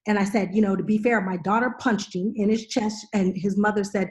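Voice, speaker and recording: A woman podcast host in her forties, chatting casually and telling a story with lively acted-out dialogue. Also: mid-range voice, a little fast, hardly any pauses. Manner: animated storyteller, acting out dialogue. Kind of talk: casual chat.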